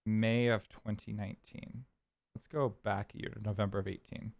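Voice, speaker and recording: A man from California chats casually on his stream, rambling through a personal story as he clicks around. His voice sits on the low side, and the sound is close and dry with no room echo. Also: flat delivery, moderate pace, gravelly. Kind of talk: casual chat.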